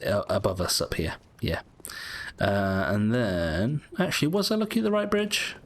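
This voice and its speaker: A man's voice: on the low side, wildly swooping pitch, moderate pace. A British man giving casual, rambling commentary over a video game, often correcting himself. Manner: chatty, rambling, self-correcting. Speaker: gaming YouTuber.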